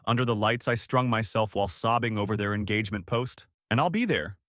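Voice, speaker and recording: A man's voice: lowish voice, a little fast, fairly bright tone, no room sound, studio quality. A man reading a first-person story aloud as scripted narration, dramatic and storytelling in manner.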